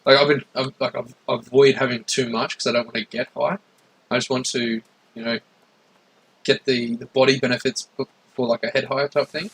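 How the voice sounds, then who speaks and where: A man's voice: medium pitch, level tone, brisk, a bit bright, husky, rough recording. An Australian man chatting casually, hesitant and laid-back, swearing in passing. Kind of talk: casual chat.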